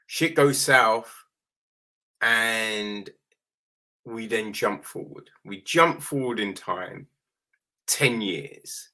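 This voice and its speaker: A man's voice: medium pitch, sharp tone. A man recapping a horror film in a rambling, casual way, swearing now and then and often asking the listener "right?". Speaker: film reviewer.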